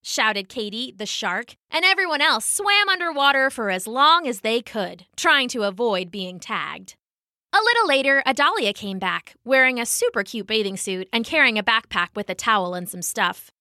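Expressive woman reading a children's story. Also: a little high, moderate pace, no room sound, clean studio sound. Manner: warm, expressive read-aloud.

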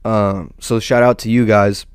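A man riffing in casual, profanity-laced commentary, rambling and restarting his sentences as he goes. His voice comes through smooth and resonant, recorded dry and close with no room sound. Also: lowish voice, little pitch movement, unhurried, no room sound. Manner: rambling, loose, with frequent restarts and "dude". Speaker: host of a small online channel.

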